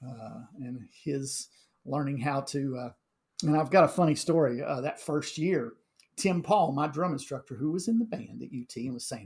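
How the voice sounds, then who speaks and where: A middle-aged man, a high school band director, telling animated stories in casual conversation, full of fillers and restarts. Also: normal speed.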